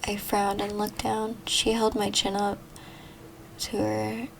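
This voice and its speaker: A woman's voice: medium pitch, monotone, slow pace, creaky, a little hiss or hum, low-quality recording. A young woman casually reading a fan story aloud, stumbling over words and correcting herself as she goes. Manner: stumbling, giggling at the text, self-correcting. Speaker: fan fiction reader.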